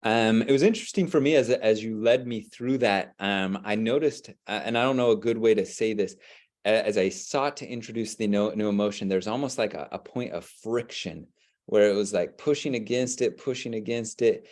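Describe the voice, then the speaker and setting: A middle-aged man co-hosting a podcast, talking in an enthusiastic, energetic way, with frequent restarts. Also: on the low side, normal speed. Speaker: podcast co-host. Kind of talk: casual chat.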